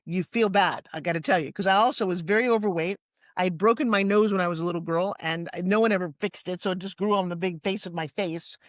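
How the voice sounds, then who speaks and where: A woman in her sixties with a New York accent, a guest telling personal stories in a lively, candid way with quick asides. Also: on the low side, no echo, studio quality. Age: 60s. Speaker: interview guest. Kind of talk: personal storytelling in conversation.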